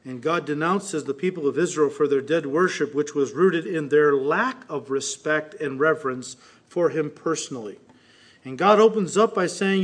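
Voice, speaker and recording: A male pastor delivering a sermon, his voice high and bright. He is animated and acts out quoted voices with lifts in pitch. His delivery moves between quiet, lowered stretches and louder, raised ones. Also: normal speed.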